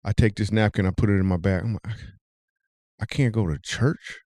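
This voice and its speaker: A man hosting a podcast, telling a comic story with animated delivery. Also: brisk, no room sound, clean studio sound. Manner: animated, jumps high when telling the punchline. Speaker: comedian and podcast host.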